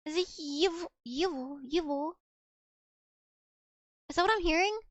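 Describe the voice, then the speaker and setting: High-voiced chatty young woman streamer. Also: unhurried, fairly bright tone, dry recording, lo-fi sound. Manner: chatty, giggly, rambling storyteller. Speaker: streamer learning Russian. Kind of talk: casual livestream chat.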